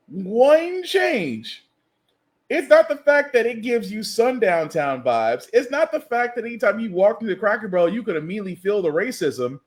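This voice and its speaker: Animated man ranting, high expressive voice. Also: moderate pace. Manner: animated, incredulous ranting with comic asides. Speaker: podcast host. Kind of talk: satirical news commentary monologue. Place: lives in the US South.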